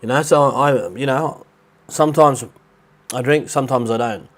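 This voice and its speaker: A blocked nose makes this middle-aged Australian livestream host sound nasal as he talks at a moderate pace and medium pitch. Chatty and rambling, he greets viewers by name from his rented apartment by the beach in Thailand.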